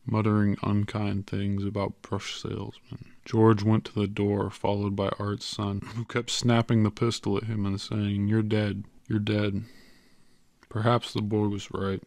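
Male audiobook narrator, low and flat, measured, dry close recording. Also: creaky, dry recording. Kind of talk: scripted narration.

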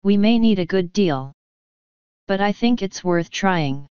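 A woman's voice: medium pitch, expressive, unhurried, darkish tone, clean tone, dry recording, lo-fi sound, close to an everyday voice. A woman reading the part of a decisive, incisive English mother.

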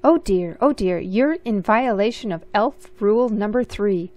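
A woman's voice: medium pitch, animated, measured pace, mellow, natural voice. A woman voicing a fussy little male elf in a storybook reading, with a fretful, flustered manner.

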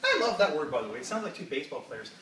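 A man's voice: fairly high pitch, very animated, rapid-fire, over a noisy crowd. A man hosting his own amateur stand-up show at home, rambling and crude, with lots of fillers. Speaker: host. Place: home living room. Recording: echoey room from far off.

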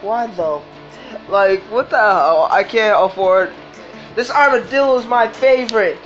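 A woman doing game commentary, swearing often and reacting loudly to the race. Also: mid-range voice, a little slow. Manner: profane, excitable, swearing at the game. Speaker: gamer. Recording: dull lo-fi recording with game music.

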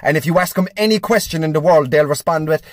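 Cheeky young Cork comedian, fairly high voice. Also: male voice, no room sound, studio quality. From Ireland. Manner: quick, cheeky storytelling. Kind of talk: stand-up sketch monologue.

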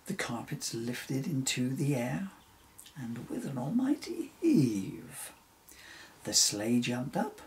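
Slow, expressive male storyteller. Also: medium pitch, creaky, slight background noise, low-quality recording. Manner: slow, expressive rhyming narration. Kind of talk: reading a rhyming children's story.

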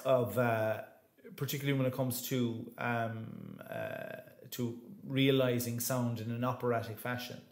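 A man's voice: mid-range voice, lively intonation, measured pace, creaky. Irish guy chatting about singing, lots of restarts, echoey room sound. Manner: chatty, many restarts and fillers. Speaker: opera singer guest. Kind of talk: casual interview chat. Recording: roomy echo.

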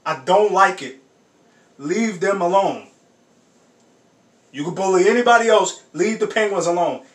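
A man hosting a sports reaction video, talking in casual slang, laughing often and breaking into loud exclamations. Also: high-pitched, measured pace. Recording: echoey room, mic at a distance, faint background hiss.

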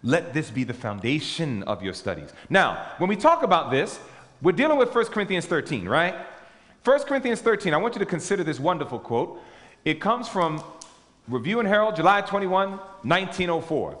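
A man preaching a sermon, emphatic and animated, questioning his audience as he goes. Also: fairly high pitch, brisk. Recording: reverberant hall.

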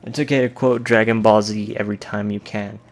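A man's voice: on the low side, little pitch movement, brisk, creaky. A man giving casual let's-play commentary, joking and rambling and swearing freely as he plays. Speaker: gameplay commentator.

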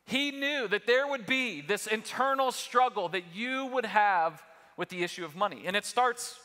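Bright-voiced male pastor in a reverberant hall. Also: sits high, normal speed. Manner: conversational, builds to emphatic. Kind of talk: sermon. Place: large church auditorium.

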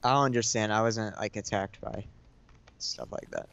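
A lowish male voice in relaxed gaming chat with a friend, asking questions and hedging often. He sounds laid-back and unhurried, picked up by a dull, lo-fi home mic. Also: vocal fry. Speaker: co-op player.

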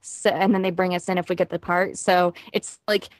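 A woman voice actress being interviewed, talking casually and quickly with frequent laughs. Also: lowish voice, flat delivery, no room sound, clean studio sound. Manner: chatty, quick, laughs often.

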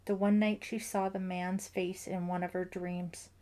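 A woman's voice: fairly low pitch, little pitch movement, unhurried, dark tone, close to an everyday voice. A woman voicing a grieving middle-aged father who is fiercely protective, in an emphatic, pained audiobook delivery. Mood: anguished.

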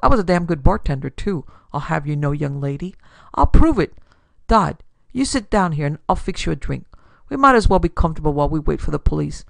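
A woman voicing a gruff, boastful older businessman who once tended bar. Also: deep voice, big pitch swings, fairly quick, no echo, exaggerated voice. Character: blustering older male businessman, ex-bartender.

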